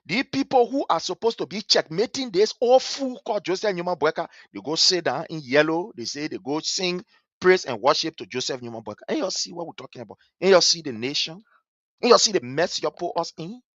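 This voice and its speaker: A man's voice: on the high side, animated, a little fast, fairly bright tone, no echo, muffled recording. A man with a Liberian English accent giving impassioned, scornful political commentary, repeating his points with fire. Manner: fiery, scornful, repetitive.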